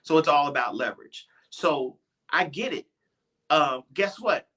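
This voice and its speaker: Husky, animated middle-aged radio host. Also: male voice, on the high side, measured pace. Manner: animated, emphatic, often interrupting himself. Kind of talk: heated casual debate.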